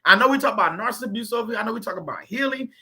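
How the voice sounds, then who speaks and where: Guy preaching to his channel, AAVE, high bright voice, talks to y'all like church. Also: expressive. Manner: conversational preacher, repeats phrases, reads scripture slowly. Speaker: YouTube faith channel host. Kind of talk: informal preaching and scripture reading.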